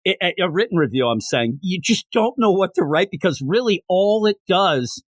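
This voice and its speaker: A man's voice: sits high, animated, normal speed, no echo, studio quality. A man co-hosting a comics podcast in casual review chat, joking and swearing casually. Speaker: podcast co-host.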